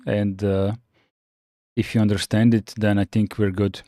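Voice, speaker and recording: A man chatting casually on a live stream, reading out viewer comments and answering with frequent pauses and restarts. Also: on the low side, mellow, no echo, clean studio sound. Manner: halting, many fillers and restarts, reads chat aloud.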